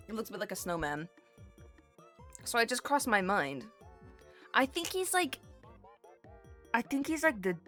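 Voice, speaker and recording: A woman's voice: mid-range voice, bright, forceful tone. A woman streamer chatting casually with her viewers, rambling and giggly as she drifts into tangents. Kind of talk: casual livestream chat with viewers.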